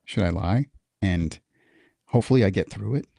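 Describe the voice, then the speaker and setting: A man with a somewhat low voice tells a story from his service as a guest on a talk show. He swears freely and acts out the people in it. The sound is dry and close. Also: normal speed, vocal fry, husky, no room sound. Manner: profane, animated, acts out quoted dialogue. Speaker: guest, military veteran. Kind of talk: casual storytelling in a podcast interview.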